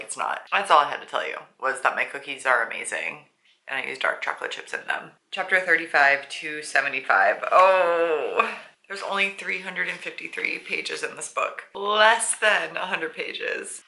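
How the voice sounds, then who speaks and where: A woman's voice: deep voice, expressive, normal speed, bright, forceful tone. A young woman chatting casually in a reading vlog, gushing and laughing easily as she talks. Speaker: book vlogger. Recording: echoey room.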